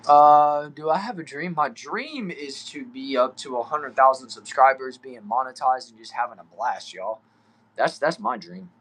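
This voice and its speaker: A young man with a Texan Southern accent hosts a live stream from a small back shed. He talks easygoing and friendly, reading out viewer comments and answering in slangy chatter. His voice sits at an ordinary middle pitch. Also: expressive, normal speed, fairly bright tone. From Texas. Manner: easygoing, chatty, says y'all and bro a lot. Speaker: livestream host. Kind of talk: casual livestream chat, reading comments.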